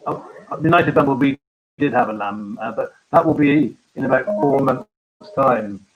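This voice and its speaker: A man, a farmer, hosting a casual live-stream chat, talking haltingly with many ums and restarts. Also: medium pitch, dull audio.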